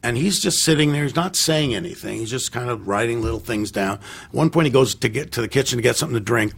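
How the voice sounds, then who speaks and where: An older man, a film director guest on a podcast, telling animated anecdotes, acting out other people's lines and restarting his sentences with lots of fillers. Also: medium pitch, quick pace, vocal fry, a little hiss or hum. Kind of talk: casual storytelling interview.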